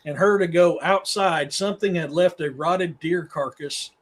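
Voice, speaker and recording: A man's voice: fairly high pitch, moderate pace. A middle-aged man from Missouri, a podcast guest who tells long rambling stories in casual chat. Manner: rambling storyteller, talks to his dogs mid-sentence.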